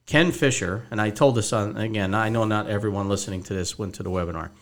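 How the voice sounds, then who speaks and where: Man, podcast host, lower voice, lively storyteller, plays both sides of a call. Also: quick pace. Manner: animated, acts out both sides of a phone call. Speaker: podcast host, financial advisor. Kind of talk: casual storytelling to listeners.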